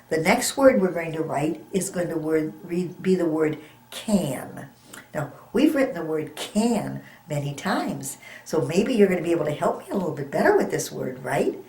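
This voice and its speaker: A woman teaching young children to read, sounding out letters slowly and patiently with encouraging praise. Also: on the low side, a little mellow, echoey room. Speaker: reading teacher. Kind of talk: phonics lesson for young children.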